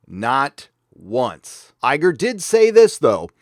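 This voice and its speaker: A man's voice: mid-range voice, wildly swooping pitch, slow pace, no room sound, studio quality. A man hosting opinionated fan commentary, talking in a sarcastic, emphatic way. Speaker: YouTube commentary host.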